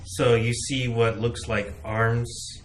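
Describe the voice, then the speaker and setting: A man's voice: medium pitch, flat delivery, slow pace, a little hiss or hum. A man narrating as game master in a tabletop game, talking in a casual, joking way with lots of fillers.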